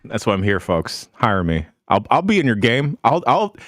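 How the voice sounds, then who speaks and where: A mid-pitched man with a very lively, bouncing delivery, playing out the voices of people in his anecdotes. He talks casually with the host. Dry, close sound. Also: normal speed, hardly any pauses, dry recording. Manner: animated storyteller, acts out quoted voices. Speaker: podcast guest and voice actor. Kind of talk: casual chat, storytelling.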